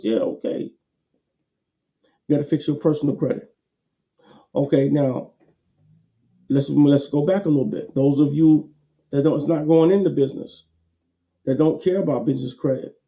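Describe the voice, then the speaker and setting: A man gives a casual motivational talk. His tone is very dark and mellow, sitting a little high. He repeats his points emphatically in a folksy way. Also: lo-fi sound. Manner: folksy, repetitive, emphatic with laughs.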